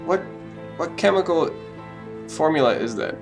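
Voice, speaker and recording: A man's voice: a little high, lively intonation, moderate pace, creaky, over music. A young man joking his way through a game as let's play commentary, talking to himself with mock drama. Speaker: gaming YouTuber.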